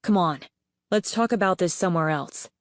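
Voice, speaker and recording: Lady narrator doing a young boy dragon, calm and firm, lowish dry voice, storybook. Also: moderate pace, no echo, close to an everyday voice. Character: young male dragon, bookish and steady. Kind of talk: audiobook character voice.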